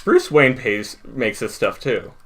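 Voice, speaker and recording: Young male podcast co-host, slow, bright enunciated narrator delivery, faint hiss. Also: medium pitch, very animated. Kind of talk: casual chat.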